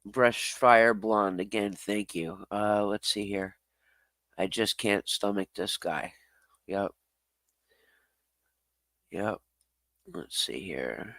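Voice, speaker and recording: A man's voice: on the low side, slow pace, pauses often, fairly bright tone, dry recording. A man streaming live, reading chat comments aloud and answering them bluntly. He swears freely, laughs often and talks straight back to his viewers.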